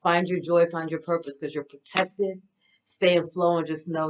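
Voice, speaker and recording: A woman's voice: on the low side, steady tone, normal speed, low-quality recording. A woman reading oracle cards, giving a casual spiritual pep talk in an enthusiastic, affirming, chatty way. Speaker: spiritual card reader.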